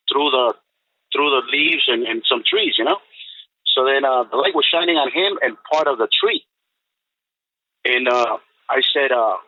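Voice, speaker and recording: A man's voice: medium pitch, dry recording. A man in his seventies, a podcast guest, tells a personal story in a rambling way, full of "you know" and restarts. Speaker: guest recounting an encounter. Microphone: telephone. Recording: tinny dry phone line.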